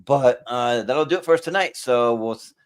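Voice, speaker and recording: A man's voice: mid-range voice, moderate pace, clear, resonant tone. A man hosting a movie podcast, talking casually and rambling through plans. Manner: rambling, many fillers and restarts. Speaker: podcast host. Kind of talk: casual chat.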